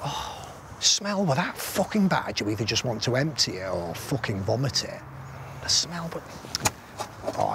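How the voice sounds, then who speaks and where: A man's voice: medium pitch, gravelly, background noise. An actor playing a blunt, middle-aged army veteran who swears constantly and rambles through grim stories, asking "right?" as he goes. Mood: disgusted. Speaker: soldier telling a war story. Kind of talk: film drama acting.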